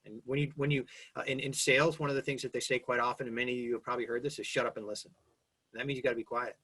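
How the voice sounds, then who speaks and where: Husky-voiced man talking fast and animated. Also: mid-range voice. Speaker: public speaking coach. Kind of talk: webinar advice talk.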